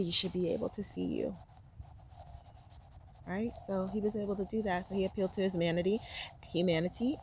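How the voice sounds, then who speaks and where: A middle-aged New York woman tells a personal story straight to the camera. She rambles warmly, full of fillers and restarts, in a lowish voice. A faint hiss of background noise sits under her. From New York City. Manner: chatty, many fillers and restarts. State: tearful while retelling. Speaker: vlogger.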